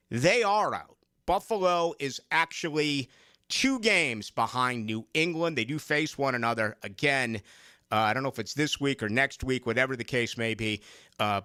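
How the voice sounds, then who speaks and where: A man runs his sports talk radio show in a lively, off-the-cuff monologue, tossing quick asides to his listeners. His voice is bright and forceful. The studio sound is dry and close to the mic. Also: mid-range voice, no room sound. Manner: excitable, conversational, with frequent "okay?" asides.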